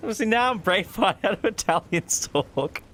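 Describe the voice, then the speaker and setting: A man gives excitable live commentary as he plays a video game, swearing freely and breaking into laughs. His voice is bright and sharp, and a faint hum of noise sits under his talk. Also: high voice, unhurried. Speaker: gaming streamer.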